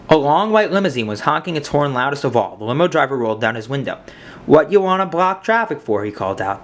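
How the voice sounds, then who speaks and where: A man reads a children's picture book aloud, narrating with lively, expressive storytelling. He leans into the dramatic moments with rising energy, in the middle of a man's pitch range.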